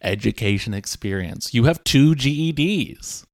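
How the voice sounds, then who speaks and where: A man co-hosting a comedy podcast as its producer, asking teasing, deadpan questions. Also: mid-range voice, unhurried, dry recording, clean studio sound.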